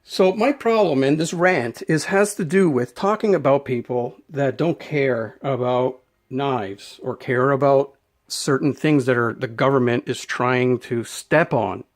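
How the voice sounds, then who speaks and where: A man's voice: mid-range voice, a little slow. A man ranting unscripted to camera as a knife vlogger, emphatic and rambling, often repeating his words. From Canada.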